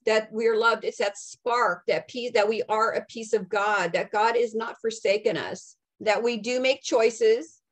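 Soft-spoken woman channeling messages. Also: fairly high pitch. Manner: halting, many restarts and fillers, relays quotes. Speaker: psychic medium. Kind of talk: channeling messages in casual chat.

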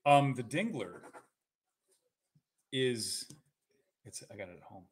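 A man's voice: medium pitch, slow pace, a little hiss or hum. A man co-hosting a live card break, talking in rambling, joking banter. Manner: rambling, jokey, lively.

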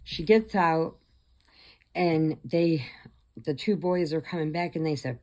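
A woman's voice: sits low, slow, long pauses. A woman vlogger chattily retelling a horror film plot, acting out the characters along the way. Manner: chatty, animated, acts out the characters' voices. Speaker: crochet vlogger.

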